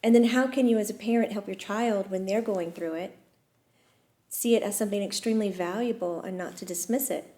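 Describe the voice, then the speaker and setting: A woman host chatting casually about her own experiences. Her talk is relaxed and lively, broken up by quick laughs and small pauses. Her voice sits at an everyday middle pitch. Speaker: host and medium. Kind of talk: casual storytelling chat.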